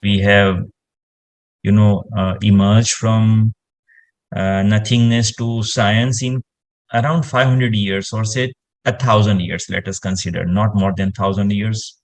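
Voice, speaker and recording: A man's voice: fairly low pitch, flat delivery, a little slow. A man, explaining space science in casual conversation and rambling with lots of "you know" fillers.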